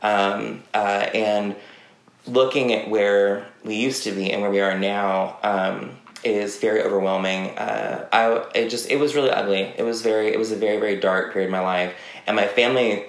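A young man chatting as a podcast guest, telling animated stories with lots of fillers and laughs. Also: on the low side, normal speed, creaky. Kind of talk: casual chat. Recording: roomy echo.

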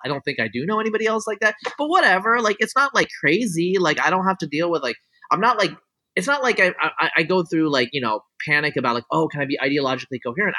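The speaker is a man interviewed casually as a guest scientist, his slightly high voice sounding pushed and bright. He goes on at length about his opinions, rambling and sprinkling in "like" and "you know" constantly.

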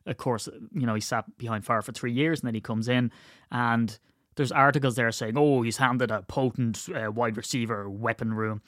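A man's voice: medium pitch, steady tone, normal speed, fairly bright tone, dry recording, clean studio sound. A man, hosting a casual solo podcast in a rambling, playful way and now and then putting on voices. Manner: rambling, playful storyteller who breaks into put-on voices. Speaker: podcast host.

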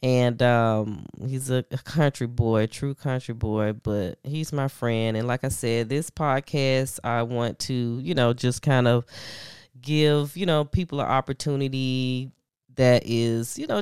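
A woman's voice: rumbling low, takes it slowly, darkish tone, smooth, dry recording, studio quality. A woman hosting a podcast in a casual, laid-back chat, slangy and full of fillers. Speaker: podcast host.

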